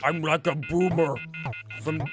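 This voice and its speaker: A man voicing a frantic female test subject who thinks she is a toaster, yelling in a shrill, manic voice. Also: fairly even intonation, unhurried, music in the background, natural voice. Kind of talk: voiced game reading.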